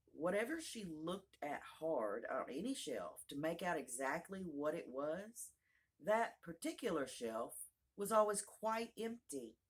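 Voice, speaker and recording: A woman narrating a classic children's storybook aloud in a calm, measured way. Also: low voice, slightly rough. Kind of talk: audiobook narration.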